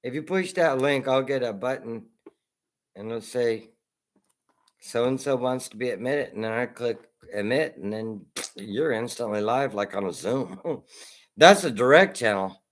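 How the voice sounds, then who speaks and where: A man's voice: medium pitch, expressive, measured pace. A man hosting a casual livestream, rambling to his viewers and laughing often between remarks. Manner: rambling, laughs often, reads chat aloud. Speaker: livestream host. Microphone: headset.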